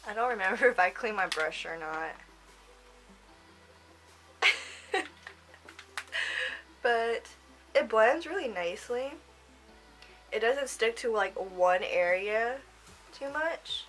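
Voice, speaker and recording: A woman's voice: fairly high pitch, animated, slow pace, long pauses, fairly bright tone, soft background music, low-quality recording. A young woman giving a casual makeup tutorial, chatty and rambling, often trailing off and giggling to herself. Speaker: makeup vlogger.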